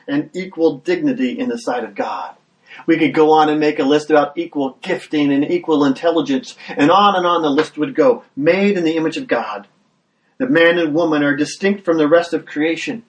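A man preaching a sermon in a fairly high voice, earnest and plain, often stumbling over the first words of a phrase. He builds momentum with repeated questions to the listeners. The mic sits some way off from him. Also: recorded from a distance, rough recording. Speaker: pastor.

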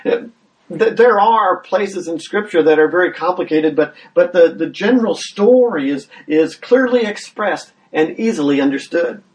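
A man's voice: high-pitched, expressive, normal speed, a little mellow, recorded from a distance, low-quality recording. A man preaching a sermon as a pastor, earnest and often repeating the first words of a phrase, building energy with questions.

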